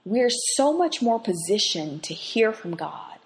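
A woman hosting a faith podcast, who moves between quiet reflection and lively personal stories as she teaches. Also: medium pitch, unhurried. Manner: expressive, swings from hushed reflection to lively anecdote. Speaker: podcast host and Bible teacher. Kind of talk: devotional teaching with personal storytelling.

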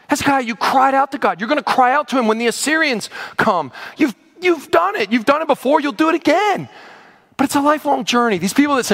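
A man preaching a sermon in an animated, conversational way, with playful asides and direct questions to the congregation. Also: very high voice, brisk. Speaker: pastor.

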